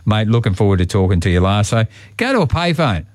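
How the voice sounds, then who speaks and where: A man's voice: on the low side, big pitch swings, fast, dry recording, studio quality. A man with an Australian accent hosting casual talkback radio, chatting with callers in a matey way. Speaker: radio host. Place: radio studio. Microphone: studio microphone.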